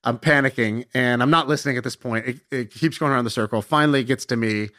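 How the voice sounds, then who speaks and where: A young man telling a casual anecdote in an animated, self-mocking way, swearing freely as he goes. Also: mid-range voice, fast. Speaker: storyteller.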